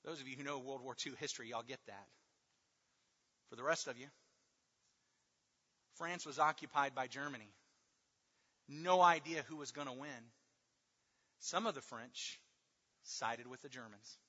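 A man preaching a sermon, emphatic and repetitive, drawing out key words slowly for stress. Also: mid-range voice, sharp tone. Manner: emphatic, with rhetorical repetition and slow drawn-out stresses. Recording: long hall reverb, dull lo-fi sound.

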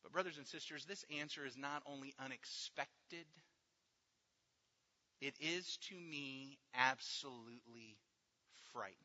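A man preaching a sermon, swinging between loud emphatic lines and hushed ones. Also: medium pitch, unhurried. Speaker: pastor. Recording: dull echoey hall.

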